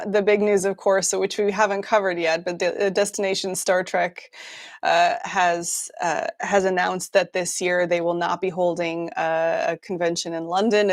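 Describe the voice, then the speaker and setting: A woman hosting a news livestream, chatting casually with many fillers and restarts, laughing often. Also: fairly low pitch. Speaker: news show host.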